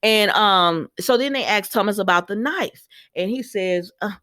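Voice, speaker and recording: A woman's voice: mid-range voice, a little slow. A woman vlogger casually recapping a soap opera episode, acting out the characters' lines and talking back to them. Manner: chatty, animated, acts out characters' lines, talks back to them.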